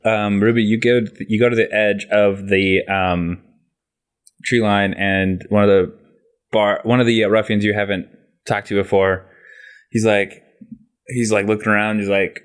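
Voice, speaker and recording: Male game master with a low voice, halting and casual. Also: little pitch movement, smooth. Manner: loose, halting narration with fillers. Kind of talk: narrating a tabletop game.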